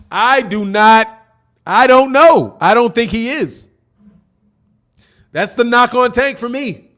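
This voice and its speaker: A boxing channel host with a very high-pitched, sharp voice speaks slowly with lively intonation and frequent pauses. He reads viewer chats aloud during casual livestream commentary, loose and chatty, repeating himself and laughing often.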